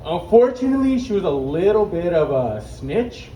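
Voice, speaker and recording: A man's voice: high voice, sing-song, normal speed, warm tone. Brash, profane young man doing stand-up. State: out of breath. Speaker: stand-up comedian at open mic. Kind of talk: stand-up storytelling. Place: open mic stage at an outdoor market. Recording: distant echoey outdoor market recording with faint noise.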